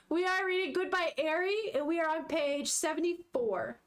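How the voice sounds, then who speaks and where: A woman's voice: extremely high pitch, slow. A young woman reading a manga aloud and chatting about the panels, giggly and casual. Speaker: manga reader streamer.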